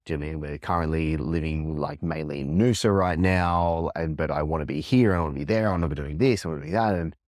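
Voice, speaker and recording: Low-voiced male host in his thirties, reflective and searching, thinks aloud. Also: fast, few pauses, a little mellow, no room sound, clean studio sound. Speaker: podcast host. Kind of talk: reflective conversation.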